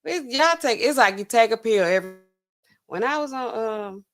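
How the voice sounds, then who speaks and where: A middle-aged woman with a bright, forceful voice hosts a casual livestream. She talks straight to her chat in a loose, easygoing way. She slows down to sound out long drug names. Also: a little high, lively intonation, faint music behind. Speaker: pharmacist livestream host.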